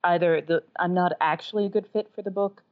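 A woman from the American South talks frankly about narrating audiobooks, with a chatty, self-deprecating manner. Her voice sits low and comes through a dull, muffled recording. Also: steady tone, quick pace. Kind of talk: casual interview conversation. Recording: dull lo-fi sound.

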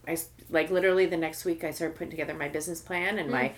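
A woman in her forties from Southern California, a shop owner telling her story as an interview guest in a chatty, lively way with many fillers. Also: sits low, rapid-fire.

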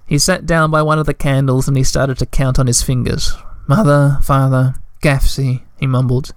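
A man reading a children's storybook aloud in a gentle, measured way. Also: medium pitch, fairly even intonation, clean tone, no echo, studio quality. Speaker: narrator.

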